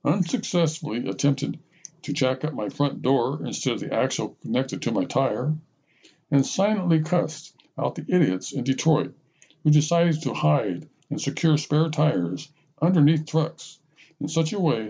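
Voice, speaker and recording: A man's voice: mid-range voice, very animated, unhurried, vocal fry, mellow, breathy edge. A man hosting a podcast and reading his own story aloud in the first person, wry and self-mocking. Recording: slightly dull lo-fi recording.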